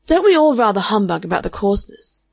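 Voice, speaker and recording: A woman's voice: medium pitch, sing-song, quick pace, gravelly, dry recording, studio quality. A woman reading an audiobook, voicing a frank, curious young woman who asks probing questions thoughtfully. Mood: earnest. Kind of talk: audiobook character voice.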